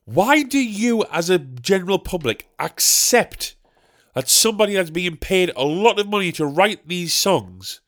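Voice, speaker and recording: A man's voice: sits high, very animated, a little slow, a bit bright. A British man hosting a solo comedy podcast, ranting in a sweary, rambling way. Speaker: podcast host.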